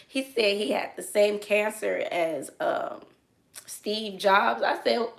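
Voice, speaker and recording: A young adult woman, a dancer, telling a story in casual chat, colloquial and dropping into soft asides. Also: medium pitch, slow pace, creaky.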